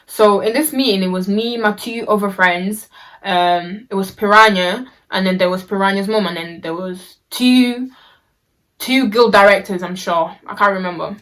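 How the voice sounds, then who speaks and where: A woman's voice: medium pitch, fairly bright tone. Young woman for a casual storytime vlog: chatty and slangy, full of fillers and restarts.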